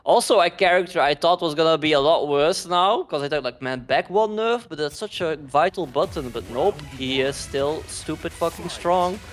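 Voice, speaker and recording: A man's voice: a little high, normal speed, hardly any pauses, faint music behind. A man commentating a fighting game tournament in a casual, rambling way, often sarcastic and laughing.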